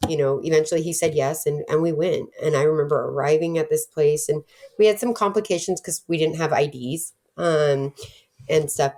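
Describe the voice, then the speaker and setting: A middle-aged woman tells her personal story. She speaks casually and candidly, often acting out what others said with bright shifts. She fills her speech with fillers and self-corrections. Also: low voice. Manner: animated, acts out quoted voices, many fillers and restarts.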